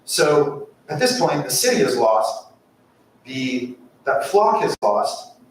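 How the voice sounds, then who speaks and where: A man's voice: fairly high pitch, big pitch swings, slow pace, slight background noise. Impassioned man speaking at a council podium. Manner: impassioned, rhetorical questions. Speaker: public commenter. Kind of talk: public comment speech. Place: city council chamber. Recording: echoey council chamber mic from far off.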